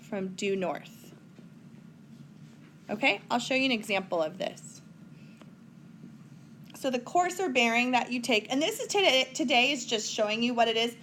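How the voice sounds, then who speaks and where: A woman's voice: on the high side, sing-song, normal speed, a bit bright, slight background noise. Chatty woman teaching a math lesson. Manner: chatty, playful asides to students. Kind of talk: recorded whiteboard math lesson.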